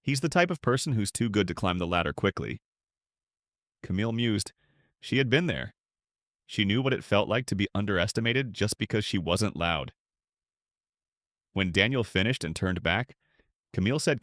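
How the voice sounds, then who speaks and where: Low-voiced male story narrator. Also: animated, brisk, fairly bright tone, no room sound, clean studio sound.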